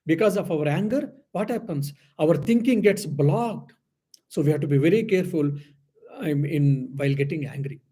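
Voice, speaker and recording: A man's voice: fairly high pitch, moderate pace, dark tone, slightly rough. A man, a swami, giving an earnest spiritual discourse that explains scripture and poses rhetorical questions.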